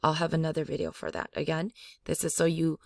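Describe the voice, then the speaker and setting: A woman's voice: sits low, little pitch movement, quick pace, creaky, darkish tone, no room sound. Woman language teacher, dry close sound, repeats the sounds to demonstrate them. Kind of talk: slow spoken language lesson.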